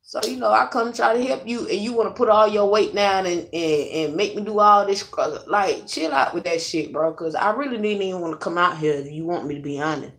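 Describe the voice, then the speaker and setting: A woman's voice: lowish voice, brisk, few pauses, a bit bright. Blunt young woman venting on camera. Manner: blunt, profane, rambling storyteller; addresses viewers directly. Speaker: vlogger.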